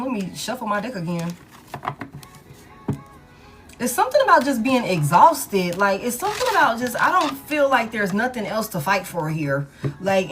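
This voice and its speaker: Woman reading tarot live, lowish voice, swearing and chatting with the viewers, soft music going behind her. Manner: casual, profane, chatty with viewers. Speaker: tarot reader.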